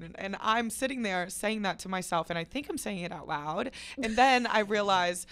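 A woman's voice: mid-range voice, normal speed, fairly bright tone, clear, resonant tone. A woman hosting a podcast who tells a wild story in casual chat, acting out quotes and swearing freely. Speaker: podcast host.

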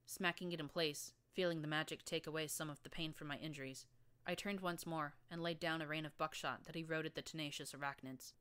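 Low, bright-toned woman narrating. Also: smooth. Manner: vivid, action-driven storytelling. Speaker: audiobook narrator. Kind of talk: dramatic first-person fiction narration.

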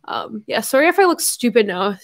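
A young woman with a fairly high voice talks casually to her viewers on a livestream. She is tearful and emotional, swears freely and chats loosely. Her talk is loose and unscripted, full of fillers. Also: sing-song, brisk. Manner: emotional, swears often, reads viewer messages. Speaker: YouTuber hosting a livestream.

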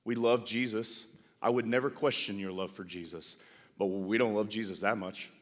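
Impassioned pastor in a reverberant hall. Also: male voice, lowish voice, fairly even intonation, moderate pace. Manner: builds to loud impassioned preaching; folksy, self-deprecating asides. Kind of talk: sermon. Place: large church sanctuary. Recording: long church hall reverb.

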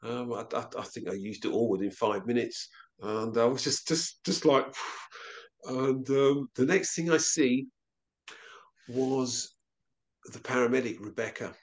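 A man, an interview guest, telling a personal story in a halting, earnest way with frequent restarts. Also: mid-range voice. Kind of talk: recounting a personal experience in an interview.

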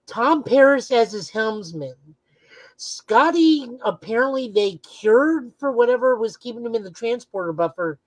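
A woman's voice: a little high, expressive, measured pace, no echo, low-quality recording. A woman co-hosting a casual podcast who recaps comic plots in detail with frequent filler words. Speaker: podcast co-host.

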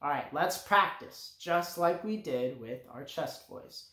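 A man leading a children's music lesson, his voice rising and falling in an animated, lively way. He speaks slowly and clearly, coaxing the little ones to sing along, and the recording has a roomy echo. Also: a little high. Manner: slow, clear and encouraging, speaking directly to children. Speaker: music teacher for young children.

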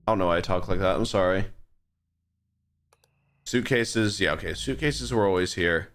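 A young man chatting casually while live-streaming a horror game, rambling and animated, with his voice jumping up high whenever he is startled. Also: normal speed, long pauses. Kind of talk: casual gaming livestream chat.

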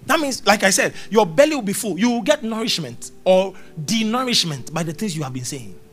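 A man's voice: high voice, lively intonation, brisk, fairly bright tone, soft background music. A middle-aged man preaching a sermon at a church service, emphatic and repetitive, quoting scripture. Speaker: pastor.

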